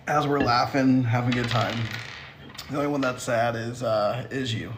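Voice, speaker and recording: A man's voice: mid-range voice, steady tone, normal speed, a bit bright, a little hiss or hum. A man hosting a casual livestream who answers viewer comments in a sassy, teasing way and laughs often. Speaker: livestream host.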